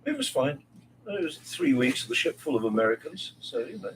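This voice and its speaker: A man chatting in a barber's chair, explaining history in a measured, dry manner. His voice sits at an ordinary male pitch. He is picked up from a distance over a faint hum. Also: sing-song. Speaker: customer and cruise lecturer. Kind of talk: casual chat.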